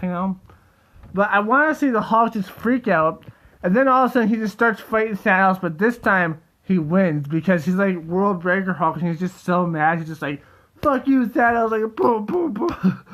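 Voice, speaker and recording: Young male host, high-pitched, rambling and excitable, casual delivery with constant fillers. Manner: rambling, full of "like" and restarts, excitable. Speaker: theory video host. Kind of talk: casual solo monologue.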